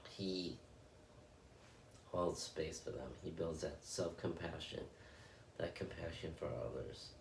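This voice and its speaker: A man's voice: extremely low pitch, slow pace, long pauses, slight background noise. A man telling a story and reflecting on it in a loose, rambling and earnest way, as a self-help speaker would. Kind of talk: casual spoken reflection. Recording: echoey, from a distance, faint ambience.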